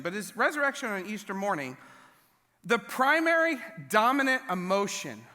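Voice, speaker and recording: A young adult man preaching in a large church hall, telling a funny story about himself with lots of animation. His voice sits high for a man, with a bright, forceful edge. The long reverb of the hall trails behind every phrase. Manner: animated storytelling, self-mocking humor. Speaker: pastor. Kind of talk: sermon.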